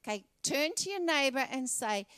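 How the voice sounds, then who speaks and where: Higher-voiced Australian woman preaching. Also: animated, moderate pace, fairly bright tone, no echo. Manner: conversational, addresses the congregation directly. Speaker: pastor. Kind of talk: sermon. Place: church.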